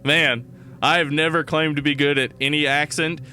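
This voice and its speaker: A man's voice: on the high side, fairly even intonation, pushed and bright, a little hiss or hum. A man co-hosting a podcast in casual banter, riffing jokingly on absurd bits. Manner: jokey, riffs on absurd bits, quick to laugh. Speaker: podcast co-host.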